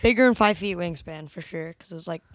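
A teenage boy chatting excitedly, filling his speech with "like". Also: high-pitched, quick pace, no echo. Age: teens. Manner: excited, uses "like" a lot. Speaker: guest, son in the story. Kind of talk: casual chat.

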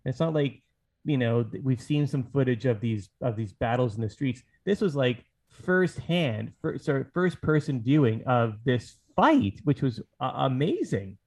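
A man's voice: medium pitch, big pitch swings, normal speed, a little mellow. A man hosting a casual podcast chat, thinking aloud and rambling with fillers. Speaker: podcast host.

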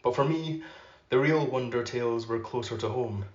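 Guy reading lit aloud, slow and careful, bit of room echo, kinda dull sound. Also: mid-range voice. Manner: measured, unhurried reading; loose and filler-heavy when chatting. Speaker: podcast host reading aloud. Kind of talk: literary reading. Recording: roomy, slightly dull recording.

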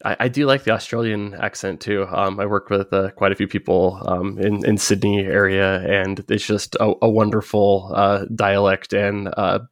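A man's voice: fairly low pitch, level tone, moderate pace, few pauses, dry recording, studio quality. A man hosting a podcast, upbeat and chatty, with an enthusiastic, casual way of talking. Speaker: podcast host.

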